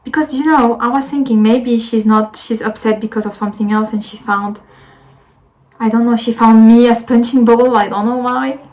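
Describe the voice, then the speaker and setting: A woman's voice: on the high side, fairly even intonation, normal speed, darkish tone, rough recording. Chatty young French woman vlogging. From France. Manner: chatty, rambling, many fillers and restarts. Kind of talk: casual storytime vlog.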